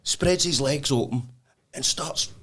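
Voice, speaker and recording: A man with a Scottish accent, co-hosting a podcast and telling stories in a studio, his voice leaping up high when he gets excited. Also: slow, husky. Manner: animated storyteller, voice jumps up high when excited. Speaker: podcast co-host. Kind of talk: casual chat, storytelling.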